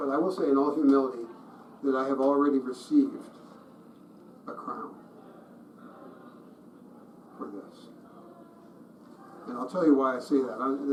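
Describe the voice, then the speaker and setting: A middle-aged man teaching a group, telling anecdotes in a conversational way with restarts and chuckles. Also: a little high. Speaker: pro-life ministry teacher. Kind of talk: storytelling teaching talk. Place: meeting room with a group. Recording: roomy echo, mic at a distance, faint noise.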